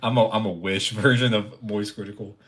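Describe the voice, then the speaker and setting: A man's voice: on the low side, fairly even intonation, fairly quick, a bit bright. A young man chatting casually on a livestream. He rambles, stammers through restarts and laughs often. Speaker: streamer.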